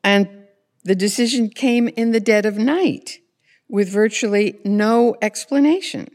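A woman's voice: medium pitch, measured pace, a little mellow. Female legal reporter, methodical probing questions, light reverb. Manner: pointed, building a long question step by step. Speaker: legal affairs correspondent, interviewer.

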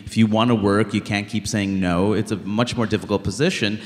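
A stand-up comedian from Queens, talking in an interview in an animated, emphatic way. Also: lowish voice, brisk, big-room sound. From Queens, New York. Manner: animated, emphatic, blunt, many "like" fillers. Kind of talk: conversational interview.

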